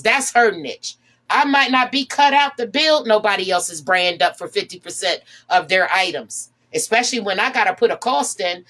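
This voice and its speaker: A woman's voice: medium pitch, fairly bright tone. A woman talking candidly to her viewers, her voice rising when she gets exasperated. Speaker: vlogger. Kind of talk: casual monologue to camera.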